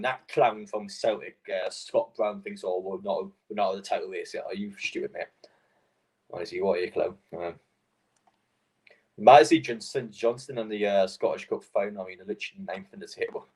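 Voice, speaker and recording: Young male streamer, low husky voice, loose and profane, full of fillers. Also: darkish tone. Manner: frustrated, swearing, rambling with fillers. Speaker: live stream host. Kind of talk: casual football watchalong chat.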